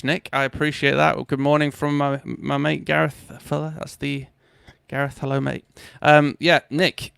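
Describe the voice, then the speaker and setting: A man's voice: on the high side, level tone, moderate pace, vocal fry, a bit bright, clear, resonant tone, no echo, studio quality. A man hosting a live stream, talking casually and upbeat, often correcting himself as he goes. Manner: chatty, self-correcting, upbeat.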